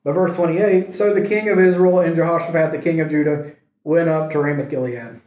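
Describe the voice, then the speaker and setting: A man's voice: a little high, steady tone, brisk, a little mellow. Man teaching a Bible passage, echoey room. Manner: retells scripture in everyday speech, often asks "right?".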